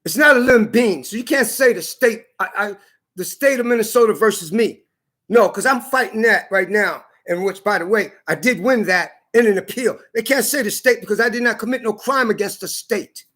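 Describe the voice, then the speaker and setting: A man's voice: high voice, brisk, bright, forceful tone. A man ranting defiantly on video, hammering his points with emphatic repetition. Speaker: vlogger. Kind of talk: angry video rant.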